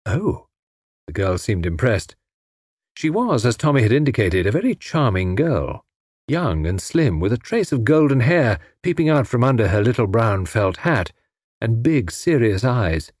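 Casting note: male narrator, husky, very lively inflection, dry studio sound. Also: mid-range voice, no room sound. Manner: measured, expressive reading. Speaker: audiobook narrator. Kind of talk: scripted narration.

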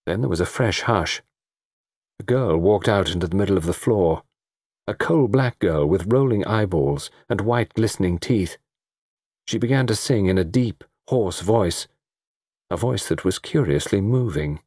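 A man with a low voice narrates an audiobook with dramatic delivery. His intonation swings widely from line to line. The recording is close and dry, with no room sound. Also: animated, unhurried, darkish tone, husky, no echo. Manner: dramatic, varied storytelling. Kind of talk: scripted narration.

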